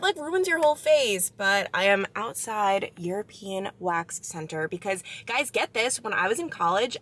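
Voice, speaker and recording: A woman's voice: mid-range voice, no echo. A woman in her twenties chatting casually to camera as a vlogger, telling stories with lots of fillers. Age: 20s. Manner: chatty, animated, filler-heavy storytelling. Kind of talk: casual vlog chat.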